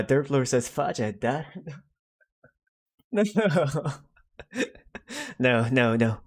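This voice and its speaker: A man's voice: medium pitch, darkish tone. A young man chatting casually on a live art stream, rambling and self-deprecating and reading out viewers' chat.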